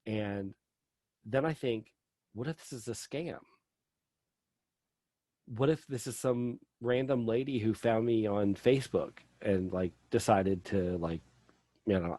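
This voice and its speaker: A man's voice: fairly low pitch, darkish tone, dry recording. A middle-aged man telling a personal story as a podcast guest, rambling with lots of fillers.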